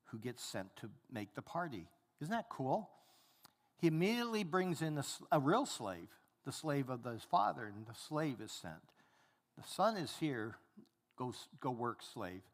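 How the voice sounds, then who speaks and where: A male pastor preaching a sermon, teaching animatedly and acting out the characters' lines. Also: mid-range voice. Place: church hall. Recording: long hall reverb.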